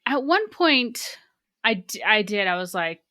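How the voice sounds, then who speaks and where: A woman's voice: mid-range voice, very animated, a little slow, bright, forceful tone, no echo, studio quality. A woman co-hosting a book club podcast, talking casually and animatedly with many restarts. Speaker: podcast co-host.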